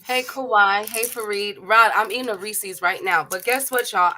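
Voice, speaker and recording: A woman's voice: mid-range voice, normal speed, few pauses, sharp tone, a little hiss or hum. A woman hosting a casual boxing live stream, chatty, laughing easily and greeting viewers by name. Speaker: host.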